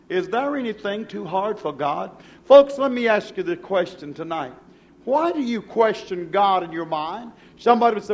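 High-voiced fervent male preacher. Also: a bit bright. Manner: fervent, rhetorical questioning. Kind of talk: sermon.

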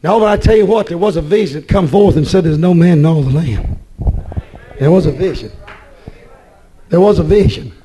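A man preaching a fiery sermon, often shouting with a preaching cadence. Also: fairly high pitch, a little fast, long pauses, a little hiss or hum, rough recording.

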